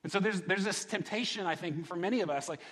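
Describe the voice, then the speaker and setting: A man preaching a sermon in a conversational, animated way, often repeating words and asking the congregation questions. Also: high-pitched, quick pace. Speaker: pastor. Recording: long hall reverb.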